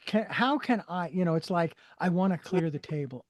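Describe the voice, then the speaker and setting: A man's voice: sits high, expressive, moderate pace, no echo. A male radio host interviewing a guest, speaking candidly and laughing at himself. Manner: candid, self-deprecating, laughs easily. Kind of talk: interview conversation.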